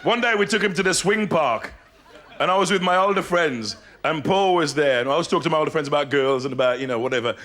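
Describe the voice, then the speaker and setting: A man's voice: a little high, fast talker, crowd noise. A man in his thirties with a Birmingham accent, telling stories on stage in a live stand-up show, switching into character voices. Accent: Birmingham English. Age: 30s. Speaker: stand-up comedian. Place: large theatre stage. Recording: loud audience laughter over live stage mic.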